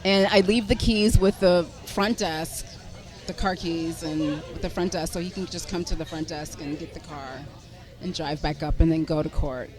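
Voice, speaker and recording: A middle-aged woman telling a personal story as a podcast guest, animated and self-deprecating, laughing often as she talks. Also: on the low side, normal speed, a crowd in the background. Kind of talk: conversational storytelling.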